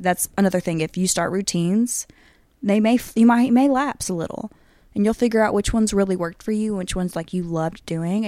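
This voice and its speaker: A young woman co-hosting a podcast, chatting in an upbeat, animated way and laughing often. Her voice sits on the low side, recorded close and dry with no room sound. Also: no room sound. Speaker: podcast co-host. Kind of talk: casual chat.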